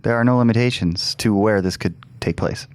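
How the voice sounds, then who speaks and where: A man co-hosting a podcast in casual chat, lively and quick to laugh. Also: fairly low pitch, no echo, clean studio sound.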